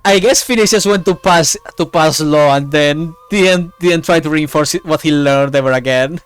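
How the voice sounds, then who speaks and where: A man's voice: on the high side, moderate pace, clear, resonant tone. A man streaming a game live, chatting loosely and tripping over his words as he reads along. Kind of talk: live game playthrough with read-aloud dialogue.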